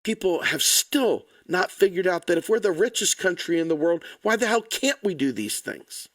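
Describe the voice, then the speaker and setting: A man delivers a furious political rant, swearing freely and talking bluntly. His voice sits a little high for a man. The sound is dry and close, with no room echo. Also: animated, moderate pace, a bit bright. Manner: angry, blunt, profane. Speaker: political commentator. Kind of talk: impassioned rant to camera.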